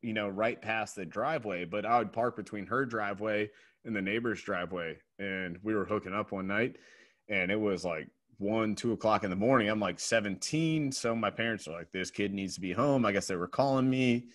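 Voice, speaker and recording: A man with a somewhat low voice tells a story with energy, his voice climbing as he gets to the good part. He sounds relaxed in conversation with friends. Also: normal speed. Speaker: podcast co-host. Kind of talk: casual chat.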